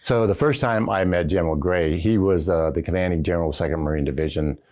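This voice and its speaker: A man's voice: low-pitched, fast talker, darkish tone. An older man, a retired Marine general, telling anecdotes in an interview with lots of uh and you know. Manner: folksy anecdotal storytelling with frequent fillers. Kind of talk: recorded oral history interview. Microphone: camera setup with interviewer behind it.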